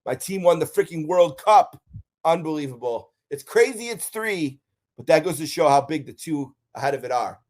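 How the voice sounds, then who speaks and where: His voice is on the high side with a darkish tone. An enthusiastic middle-aged storyteller from Buffalo, USA, he recounts personal stories in a casual countdown, staying upbeat and filling his speech with ums and uhs.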